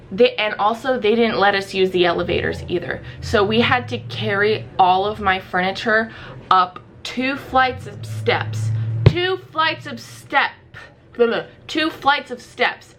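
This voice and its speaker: A young woman from Ohio tells a story straight to camera. Her voice is bright and sharp, and her pitch sits in the middle of the range. She tells it with animation and acts out the voices of the people she quotes. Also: slight background noise. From Ohio, USA. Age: young adult. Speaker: vlogger. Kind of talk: storytime vlog.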